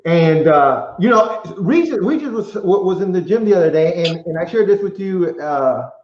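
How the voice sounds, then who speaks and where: Man, podcast host, reflective, motivational, high voice, echoey, muffled audio. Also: lively intonation, normal speed, slight background noise. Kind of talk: casual podcast chat. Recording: echoey, dull remote call audio.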